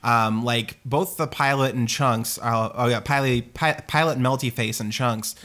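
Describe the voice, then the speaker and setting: A man hosting a casual movie review chat, animated and crude, with lots of fillers. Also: medium pitch, a little slow.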